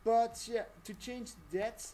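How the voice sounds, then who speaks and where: A woman's voice: a little high, steady tone, slow pace, warm tone, a little hiss or hum. A woman talking through a casual live-stream tutorial, chatty and rambling, laughing often.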